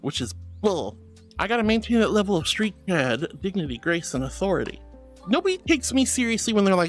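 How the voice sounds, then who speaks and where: A woman's voice: medium pitch, very animated, brisk, soft background music. Playful, theatrical woman streamer. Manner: playful and theatrical, mock-indignant protests; affectionate greetings to chat. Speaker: streamer chatting with viewers. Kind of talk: casual live-stream chat.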